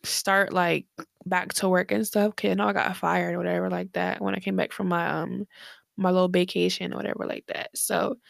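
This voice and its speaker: A young woman hosts her podcast late at night from her bedroom, her lowish voice brisk and flat with vocal fry. Though tired and slightly breathless, she rambles casually in slang with lots of fillers. Using headphones and a desk mic, the studio-quality recording has no echo.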